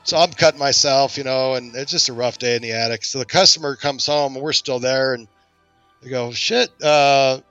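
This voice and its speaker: A man's voice: medium pitch, a little fast, dry recording, lo-fi sound, soft background music. A man hosting a podcast, telling a long story in casual chat and acting out the voices of the people in it. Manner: animated, acts out quoted voices in his stories. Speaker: podcast host.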